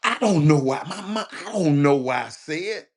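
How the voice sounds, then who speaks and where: A man hosts a loose talk show monologue over the phone, his voice sitting noticeably high. He speaks with a drawl and lectures his listeners. He keeps stammering and restarting his lines as he goes. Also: expressive, moderate pace. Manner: preachy, repeats himself, stammering restarts. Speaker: show host. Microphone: phone call.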